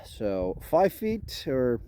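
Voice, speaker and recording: A man's voice: medium pitch, sing-song, extremely slow, mellow. A man running a farm vlog outdoors, playfully scolding his goats in a teasing sing-song. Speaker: farm vlogger. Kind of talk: casual talk to camera and animals. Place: outdoors on a farm by a goat pen. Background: faint wind and goat bleats.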